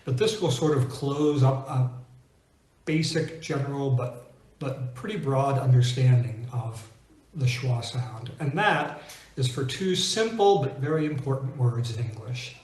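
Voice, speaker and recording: A man teaching English pronunciation in a clear, deliberate way, slowing down to stress example words. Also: medium pitch, darkish tone, echoey room. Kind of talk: scripted teaching monologue.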